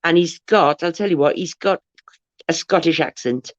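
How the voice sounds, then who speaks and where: A woman's voice: low voice, moderate pace, no room sound. Woman host, chatty rambler, dull dry lo-fi stream audio. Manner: chatty storyteller, rambling with restarts. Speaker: livestream host. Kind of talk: casual livestream chat.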